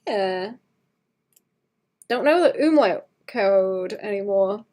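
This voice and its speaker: A woman's voice: medium pitch, expressive, slow pace, a little mellow. Chatty woman musing aloud on stream. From Wales. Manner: chatty, musing aloud with many restarts and fillers. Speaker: artist streaming while drawing. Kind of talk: casual livestream chat.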